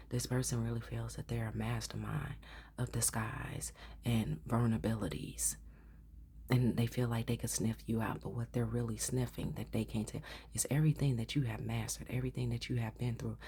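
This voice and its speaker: Deep gravelly woman doing a tarot reading, blunt and swears a lot, slips into whispers. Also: warm tone, slight background noise. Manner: blunt and profane, often dropping to a whisper. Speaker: tarot reader.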